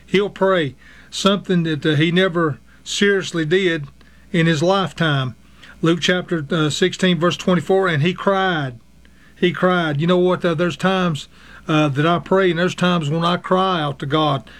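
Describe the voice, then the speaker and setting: Man preacher, slightly higher voice, earnest sermon delivery, fillers between scripture readings. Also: fairly even intonation, a bit bright. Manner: earnest, halting with frequent fillers, reads scripture in King James wording. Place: radio broadcast.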